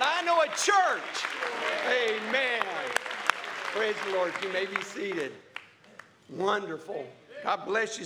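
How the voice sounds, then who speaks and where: A man preaching a sermon in a church, fervently calling out praise again and again. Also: high voice. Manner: fervent, repeating praise calls. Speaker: pastor. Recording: noisy church with loud crowd. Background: congregation noise.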